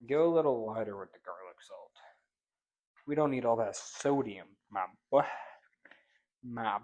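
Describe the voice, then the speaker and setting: Seasoning ribs on camera, a playful cooking vlogger speaks in a medium-pitched, somewhat dark voice with lively intonation and an unhurried pace. His casual demonstration is full of slang, and he croons pet names at the meat and his audience.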